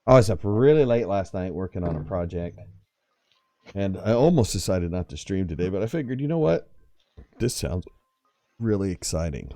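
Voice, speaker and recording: A man's voice: low voice, big pitch swings, moderate pace, pauses often, warm tone, no echo. A young man hosting a casual multiplayer game stream, joking and laughing often with his teammates. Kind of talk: casual gaming chat.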